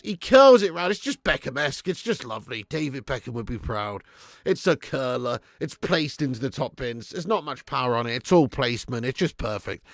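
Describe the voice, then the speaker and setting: Excitable football streamer. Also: male voice, on the high side, vocal fry, no echo, studio quality. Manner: excitable, jokey, banter with chat. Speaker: live stream host. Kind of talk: football watch-along commentary.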